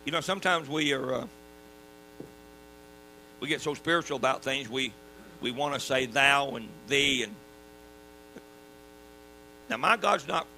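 A man with a Southern US accent preaching a sermon in a folksy, emphatic way, dropping suddenly to quiet. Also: medium pitch, a little slow, pauses often, poor audio. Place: church. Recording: mains hum underneath.

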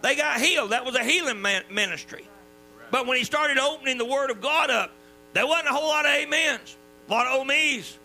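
A man with a Southern US accent preaching a sermon in a folksy, emphatic way, dropping suddenly to quiet. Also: very high voice, fairly quick, rough recording. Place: church. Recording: mains hum underneath.

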